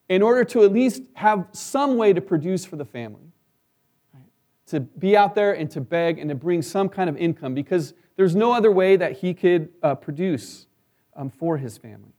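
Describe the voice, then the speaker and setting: A man's voice: high-pitched, a little mellow. A man preaching a sermon in a conversational way, often checking in with listeners by asking "right?". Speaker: pastor.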